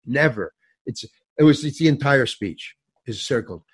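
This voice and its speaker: A man's voice: medium pitch, moderate pace, slightly rough. An older man telling an anecdote in an interview, acting out the people in it, laughing as he talks and swearing casually. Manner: lively storyteller, mimics others, laughs mid-sentence, swears casually. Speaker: guest actor telling a story. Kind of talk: animated anecdote with acted-out quotes.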